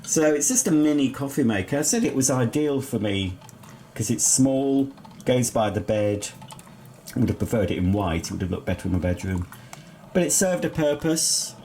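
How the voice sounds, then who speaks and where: A homely Yorkshire man vlogging in a loose, rambling chat, often stopping for an um before he carries on. His pitch sits in the middle for a man, and the talk is relaxed and unscripted. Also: normal speed, slight background noise. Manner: rambling, homely, full of ums. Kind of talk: casual chat to camera.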